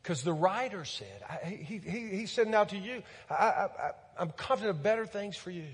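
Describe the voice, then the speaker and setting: A pastor preaching a sermon in a church, earnest and pleading, his voice swelling loud and then falling soft. He has a husky, slightly high voice. Long reverb from the church hall carries it, with faint music behind. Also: lively intonation, moderate pace. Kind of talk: sermon with altar call. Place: church sanctuary.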